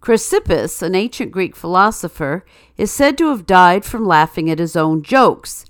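A woman hosts a read-aloud segment of news, quotes and jokes, giving it a dry, wry delivery. Her lowish voice is expressive and moves at a normal speed, with no room sound.

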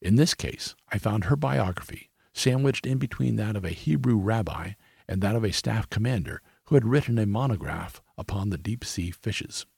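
A man narrating a story in a measured storytelling voice. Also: on the low side, lively intonation, creaky, darkish tone, breathy edge, no room sound, studio quality. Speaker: audiobook narrator. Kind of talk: scripted narration.

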